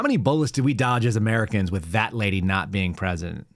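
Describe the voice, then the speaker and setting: A man's voice: on the low side, quick pace. A man in his forties hosting a political commentary show, sarcastic and rambling, talking casually from a studio. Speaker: show host.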